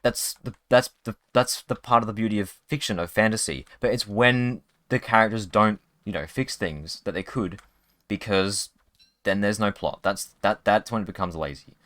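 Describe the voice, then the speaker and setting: A man's voice: lowish voice, moderate pace, a bit bright, dry recording. A man streaming a video game live, chatting casually in a rambling way with many restarts. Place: home streaming setup.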